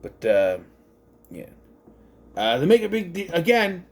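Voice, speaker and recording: Rambling man with a lively voice. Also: on the high side, normal speed. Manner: rambling, self-correcting, thinks aloud with many restarts. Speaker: movie reviewer. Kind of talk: casual spoken movie review.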